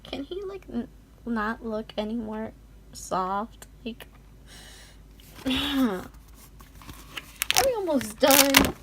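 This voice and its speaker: A young woman talks slowly and gushes through an unboxing, giggling and sometimes sinking to a whisper. Her voice sits a little high and has a gravelly fry. A faint hiss runs under it. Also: lively intonation. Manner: gushing, giggly, drifts into soft whispers. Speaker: vlogger. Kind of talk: casual unboxing chat.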